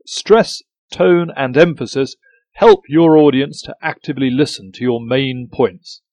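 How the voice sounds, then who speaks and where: A man reading scripted presentation tips in a measured way, stressing key words. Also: medium pitch, a little mellow, no echo. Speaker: newsletter presenter.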